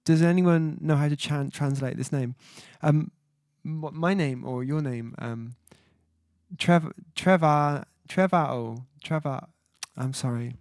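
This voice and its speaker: A man's voice: a little high, slow, darkish tone, dry recording, clean studio sound. A man hosting his own music livestream, chatting casually and reading viewer comments aloud, hesitant with many fillers as he sounds out foreign words. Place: at home, indoors.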